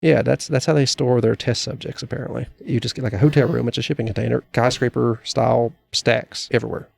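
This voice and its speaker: A man's voice: medium pitch, little pitch movement, quick pace, vocal fry, darkish tone. A man co-hosting a podcast, casually retelling things in a rambling way with fillers and restarts. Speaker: podcast co-host. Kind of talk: casual chat.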